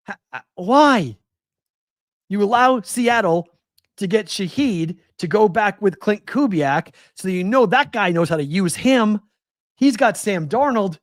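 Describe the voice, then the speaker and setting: A man's voice: high-pitched, expressive, measured pace, no echo, studio quality. A man in his forties hosting a sports talk show, ranting with exasperated rhetorical questions. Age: 40s. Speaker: sports betting show host. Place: West Coast.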